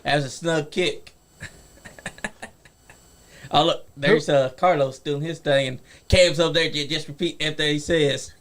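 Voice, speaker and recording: A man's voice: on the high side, steady tone, a bit bright, a little hiss or hum. A man co-hosting a casual podcast, chiming in agreeably and egging the jokes on. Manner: agreeable, quick to chime in.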